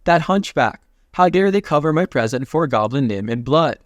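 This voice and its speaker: Guy reading as a sly quick-witted young woman, dry close sound. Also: fairly high pitch, animated, dry recording, natural voice. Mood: scheming.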